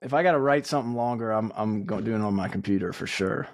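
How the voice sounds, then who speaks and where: A man's voice: fairly low pitch, fast, dry recording, clean studio sound. A man co-hosting a podcast in casual chat, talking bluntly and frankly and swearing casually. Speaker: podcast co-host.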